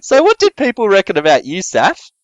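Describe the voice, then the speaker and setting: A man co-hosting a podcast, trading crude, deadpan jokes in casual comedy banter. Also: brisk, no echo, muffled recording. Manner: crude, deadpan banter with sudden jumps in pitch. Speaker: podcast co-host.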